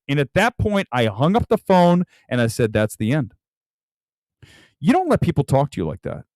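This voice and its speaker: A man's voice: fairly high pitch, dry recording, clean studio sound. A man hosting a casual livestream as a movie critic, ranting bluntly and combatively, often repeating himself for emphasis.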